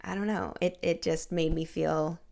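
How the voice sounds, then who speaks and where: A woman's voice: fairly low pitch, steady tone, normal speed, gravelly, darkish tone. A young woman hosting a casual interview podcast, telling personal stories in a chatty way full of likes and you-knows. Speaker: podcast host.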